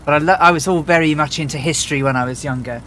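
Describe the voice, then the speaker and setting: A man's voice: fairly high pitch, fast talker, bright, forceful tone, slight background noise. A man from England, chatting casually as a livestream host, rambling with lots of fillers and restarts. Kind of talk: casual chat.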